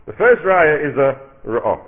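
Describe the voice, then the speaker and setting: A man giving an animated Talmud lecture, asking and answering his own questions in a sing-song manner. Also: a little high, a little slow. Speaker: Talmud teacher. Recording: tinny phone-like recording.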